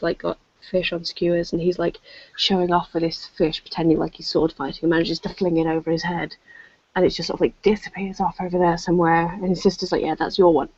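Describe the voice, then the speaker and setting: A woman's voice: on the low side, a little mellow, no echo. English woman chatting on a video call, dry and muffled, laughs at herself a lot. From England. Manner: chatty, self-mocking, laughs often. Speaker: show regular. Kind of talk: casual chat on a video call. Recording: dull lo-fi call audio.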